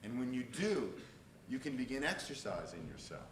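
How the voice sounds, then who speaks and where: A man giving a university lecture in an animated storytelling way, on an old reel-to-reel tape. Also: medium pitch, moderate pace. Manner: animated, loud when acting out exchanges. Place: lecture hall. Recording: old reel-to-reel tape, echoey lecture hall, faint hiss.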